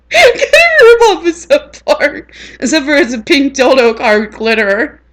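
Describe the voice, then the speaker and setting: A woman's voice: high-pitched, expressive, a little slow, a bit bright. A woman rambling in casual chat on her vlog, laughing often. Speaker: vlogger.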